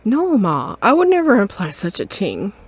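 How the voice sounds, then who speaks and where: A woman's voice: sits high, big pitch swings, slow, no room sound, voice pushed up, heavily acted. A woman voicing a grown tomcat bully who stammers and pleads nervously with his mother in a game. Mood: pleading. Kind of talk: game voice acting.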